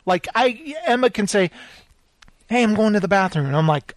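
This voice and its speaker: A man co-hosting a casual chat show, telling stories with animated acted-out quotes. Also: high voice, normal speed, no echo. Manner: animated storyteller, acts out quotes. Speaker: podcast co-host.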